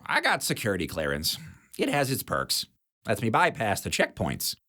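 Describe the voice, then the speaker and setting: A man's voice: on the low side, wildly swooping pitch, moderate pace, pushed and bright, pitched above the performer's own voice, full character voice. A man voicing a blunt, jaded female security chief who smokes and talks in a dry, sardonic way.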